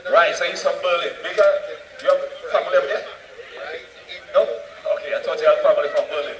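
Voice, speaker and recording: A man chats with visitors among a loud crowd, teasing and playful. His voice runs high. He is picked up from a distance in an echoey outdoor setting. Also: brisk. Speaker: roving reporter. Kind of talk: crowd interviews.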